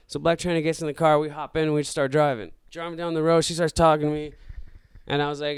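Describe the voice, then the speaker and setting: A man hosting a podcast, casually telling a story in a loose, profane, animated way full of acted-out dialogue. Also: fairly high pitch, quick pace, clear, resonant tone, no room sound, studio quality. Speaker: podcast host.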